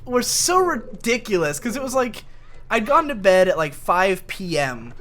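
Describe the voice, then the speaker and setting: A man's voice: sits high, big pitch swings, a little slow, fairly bright tone. A tipsy young man co-hosting a casual gaming chat, telling rambling, profane stories and defending himself. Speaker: co-host. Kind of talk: casual banter while playing a game.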